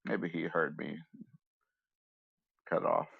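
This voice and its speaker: A man's voice: low-pitched, slow pace, gravelly, breathy edge, no echo. A man hosting a crypto analysis live stream, chatting casually and thinking aloud while he reads through his notes. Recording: dull lo-fi stream audio.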